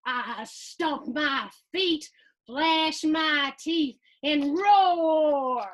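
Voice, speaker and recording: A woman voicing a loud, playful young boy who pretends to be a dragon, roaring and stomping in a picture book reading. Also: high-pitched, extremely slow. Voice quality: roaring, stomping sound effects.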